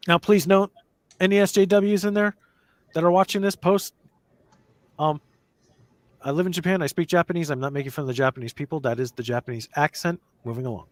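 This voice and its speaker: A man's voice: fairly high pitch, brisk, long pauses, no echo. Man reading mock news in a dry room. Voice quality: mock-newscaster delivery. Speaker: live stream host. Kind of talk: reading mock news stories, with casual asides.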